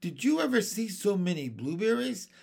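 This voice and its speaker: A man reading the part of an eager little boy, the youngest of the children, who speaks excitedly. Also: high-pitched, normal speed, gravelly, breathy edge, pitched above the performer's own voice, exaggerated voice.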